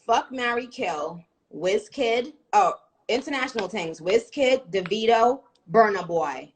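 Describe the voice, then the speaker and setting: A woman's voice: a little high, lively intonation. Brash, profane woman hosting a live chat. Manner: brash, profane and teasing, rushing the guest. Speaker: host of a live stream. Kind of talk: casual live-stream chat.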